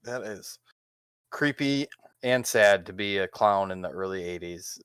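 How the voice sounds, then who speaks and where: A man's voice: deep voice, a little slow, a bit bright, clear, resonant tone, dry recording, studio quality. A man hosting a podcast, chatting animatedly about a film and swearing casually as he talks. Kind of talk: casual movie review chat.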